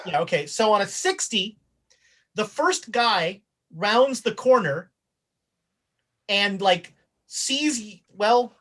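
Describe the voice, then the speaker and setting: A woman's voice: medium pitch, fairly bright tone, a little hiss or hum. A woman running a tabletop game as game master, narrating casually with lots of fillers and restarts.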